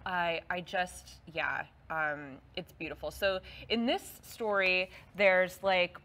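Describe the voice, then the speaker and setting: A woman's voice: fairly low pitch, steady tone, slow, pushed and bright. A woman co-hosting a casual comic book show, talking enthusiastically and gushing over artwork. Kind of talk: casual chat.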